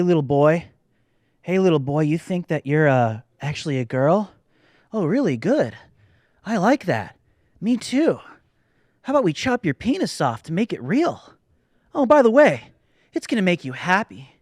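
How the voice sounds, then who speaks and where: A man voicing a creepy adult man luring a child, in a low, hushed, leering croon. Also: no echo, studio quality.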